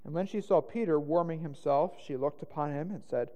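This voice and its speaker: Guy reading scripture all dramatic, kinda high voice, big hall echo. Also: a little fast, hardly any pauses. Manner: dramatic, rising to loud exclaims on quoted lines. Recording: long hall reverb.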